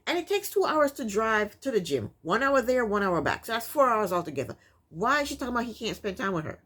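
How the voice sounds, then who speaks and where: A woman's voice: a little high, big pitch swings, fast talker, fairly bright tone. A woman giving a casual, opinionated recap of a reality TV episode, sassy and exasperated. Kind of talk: casual commentary.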